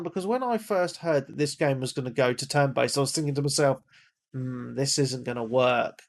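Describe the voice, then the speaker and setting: A man co-hosting a gaming podcast in casual chat, rambling and repeating himself, hoarse as he loses his voice. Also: on the high side. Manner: rambling, repeats words, calls himself a big nerd. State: losing his voice, coughing. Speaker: podcast co-host.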